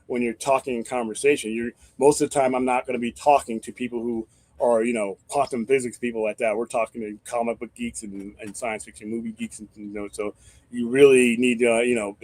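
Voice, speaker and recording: A man's voice: medium pitch, little pitch movement, a little fast, darkish tone. A man hosting a casual live-stream chat, rambling and swearing freely as he thinks aloud with restarts. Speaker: host.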